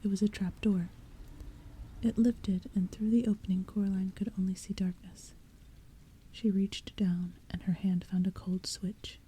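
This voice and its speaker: A woman reading a storybook aloud as whispered role-play, in a soft, hushed, mostly unvoiced whisper, with faint rain behind her. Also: mid-range voice, little pitch movement, unhurried, husky. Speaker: ASMR audiobook reader. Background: soft rain and thunder.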